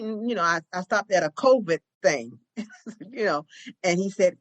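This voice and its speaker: A woman's voice: lowish voice, lively intonation, moderate pace, no echo. Chatty older woman telling a story. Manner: chatty storyteller who acts out other people's lines. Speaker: podcast co-host. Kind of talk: casual chat.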